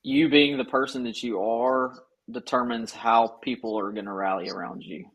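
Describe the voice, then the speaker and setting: Brief: man in his thirties from Georgia, husky and heartfelt, a podcast guest who keeps restarting his thoughts. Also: medium pitch, fairly even intonation, a bit bright, low-quality recording. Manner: earnest, heartfelt, speaks in halting restarts. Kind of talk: casual conversational interview.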